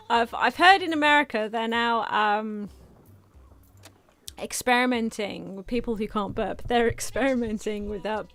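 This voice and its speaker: A woman's voice: fairly high pitch, a little slow, fairly bright tone, no room sound. A young woman streaming a game, chatting casually at her microphone and laughing often, while she has hiccups. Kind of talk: casual live-stream chat while gaming. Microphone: desk microphone.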